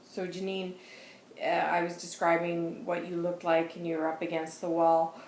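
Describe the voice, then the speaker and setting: A woman's voice: lowish voice, monotone, darkish tone, a little hiss or hum. Earnest woman channeler, roomy echo. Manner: chatty, earnest, with quick asides. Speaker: intuitive reader and channeler. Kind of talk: casual vlog reading.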